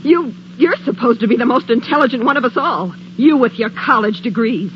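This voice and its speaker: A woman's voice: fairly high pitch, animated, brisk, close to an everyday voice. An actress playing a jittery, defiant young woman in a 1940s radio drama, speaking in a nervous, defensive way. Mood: defiant fear. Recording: dull old radio broadcast with clear hiss.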